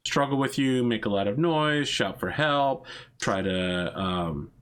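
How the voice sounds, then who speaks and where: A man's voice: mid-range voice, animated, measured pace, clean tone. A man running a tabletop role-playing game, casually explaining rules and outcomes and laughing often. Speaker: game master.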